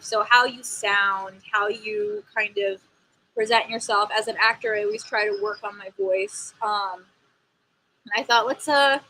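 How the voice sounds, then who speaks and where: A woman's voice: mid-range voice, sharp tone, a little hiss or hum, rough recording. A young woman who acts, chatting casually on a live stream and reading aloud outdoors by a pool, with many "like" fillers. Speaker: actor and live-stream host.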